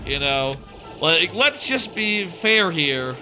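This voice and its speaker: A man's voice: on the high side, very animated, slow pace, sharp tone, soft background music. A man giving casual gameplay commentary as a streamer, rambling and sardonic, with frequent stammered restarts.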